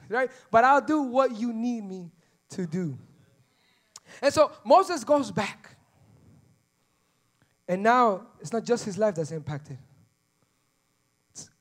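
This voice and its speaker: A man preaching a sermon, animated, acting out little dialogues with God and repeating phrases for emphasis. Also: high-pitched. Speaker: pastor.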